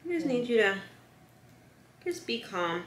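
A woman's voice: a little high, big pitch swings, unhurried, a little hiss or hum. Young female vlogger, casual and chatty, echoey home room. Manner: chatty, coaxing softly with her dog. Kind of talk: casual chat to camera.

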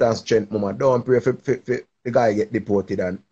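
A man's voice: lowish voice, fairly even intonation, moderate pace, warm tone, husky, dull audio. A man, hosting a casual advice chat and encouraging a listener in a preachy tone. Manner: preachy, encouraging, patois-heavy. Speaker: live stream host giving advice.

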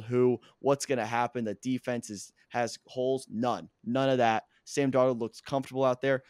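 Guy with a hoarse, worn-out voice hyping his football team, dry close mic. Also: mid-range voice, no echo. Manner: excitable, boastful sports fan. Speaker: podcast co-host; coach. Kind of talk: casual sports chat.

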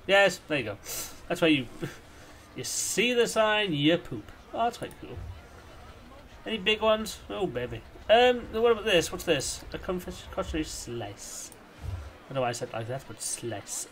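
A young man casually commenting on his own gameplay, rambling and chatty, with sudden silly shouts. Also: high-pitched, very animated, moderate pace, slight background noise. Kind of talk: casual let's-play commentary.

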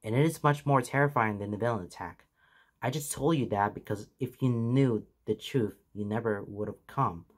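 A man voicing a weary, solemn older mentor hero in a fan fiction reading, speaking slowly and gravely. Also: medium pitch, close to an everyday voice. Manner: grave, slow and deliberate.

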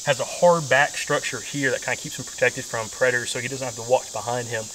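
Excited man scouting outdoors. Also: medium pitch, quick pace, slight background noise. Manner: excited, rambling, repeats words. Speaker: hunting channel host. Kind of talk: field scouting walkthrough. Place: outdoors on a wooded bluff.

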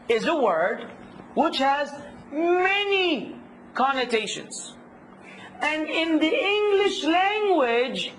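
A man teaching a workshop, lively, quizzing his audience and acting out hecklers. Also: very high-pitched, slight background noise, rough recording. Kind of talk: workshop lecture.

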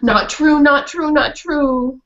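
A woman's voice: high voice, slow, fairly bright tone, muffled recording, voice pushed up. Woman doing a frantic little dachshund. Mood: urgent. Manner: urgent, repeats each phrase in threes. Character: small anxious excitable male dachshund.

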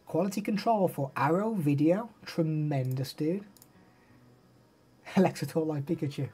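A man's voice: a little high, a little slow, warm tone, husky, soft background music. A young man chatting casually on a live stream, rambling and answering chat messages.

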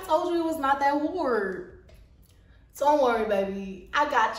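A woman's voice: fairly high pitch, lively intonation, normal speed, distant mic. A woman chatting animatedly and slangily to her viewers in a casual vlog. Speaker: mom vlogger. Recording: echoey room, voice a bit off-mic, light music.

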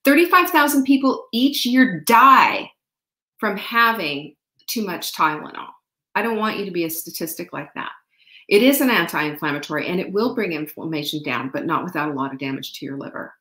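A middle-aged woman hosts a live online show, talking straight to her viewers in a chatty, upbeat, rambling way. Her voice sits a little low, and a roomy echo hangs around it. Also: fairly quick, fairly bright tone. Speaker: host. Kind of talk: live-stream chat with viewers.

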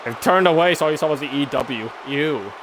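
A man's voice: a little high, lively intonation, a little fast, noisy background. A man co-hosting a gaming video, talking in casual, joking, crude banter over gameplay. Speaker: gaming channel co-host. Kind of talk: casual let's-play banter.

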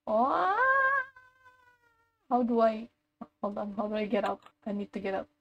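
A woman live streaming a game, reacting loudly and chatting with her viewers as she plays. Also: mid-range voice, a little slow, creaky, lo-fi sound, faint music behind. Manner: animated, exclamatory, talks to chat while playing. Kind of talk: live gaming stream chat.

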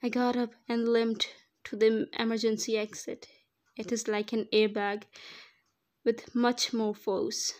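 A woman reading a first-person fan fiction story aloud as the narrator, in a slow, even storytelling manner. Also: fairly high pitch.

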